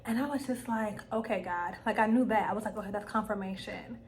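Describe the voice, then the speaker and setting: A young woman vlogger, telling a personal story to camera in a casual, animated way and acting out her own quoted lines. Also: mid-range voice, fairly quick, a little hiss or hum.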